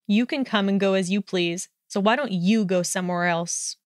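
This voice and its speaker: A woman's voice: medium pitch, normal speed, dry recording, clean studio sound, natural voice. A woman voicing a hot-tempered young male wizard in a storybook reading, snarling and sneering. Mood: scornful.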